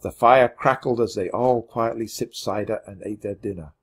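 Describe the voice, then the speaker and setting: A man reading a children's chapter book aloud with expressive, dramatic storytelling. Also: on the low side, moderate pace. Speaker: audiobook reader. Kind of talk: children's audiobook narration.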